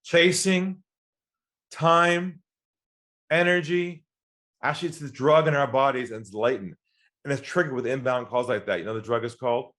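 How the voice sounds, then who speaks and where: A man's voice: mid-range voice, normal speed, long pauses, a bit bright. A man guest on an interview podcast, teaching sales by telling stories and acting out both sides of phone calls. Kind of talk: storytelling interview talk.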